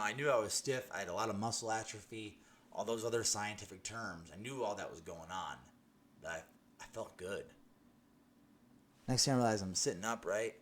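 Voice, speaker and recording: A man tells his personal healing testimony in a lowish voice, emphatic and excited, stumbling over restarts as he goes. A faint hum of room ambience sits under his voice. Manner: excited, laughing, emphatic storytelling with many restarts. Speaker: testimony speaker.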